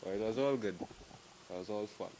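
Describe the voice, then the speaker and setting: A man with a Trinidadian accent telling stories to the camera in a lively way, laughing and acting out what friends said. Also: on the low side, moderate pace, slight background noise, low-quality recording. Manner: animated, laughing, acts out quotes. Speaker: group member telling stories. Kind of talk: casual storytelling to camera.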